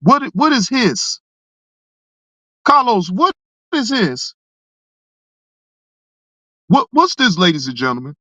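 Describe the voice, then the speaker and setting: This is a reaction channel host teasing chat viewers in loose, casual commentary. The delivery is unhurried yet excitable, full of laughter and words repeated in bursts. The voice sounds bright and close, in a dry space with almost no room echo. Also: mid-range voice, lo-fi sound.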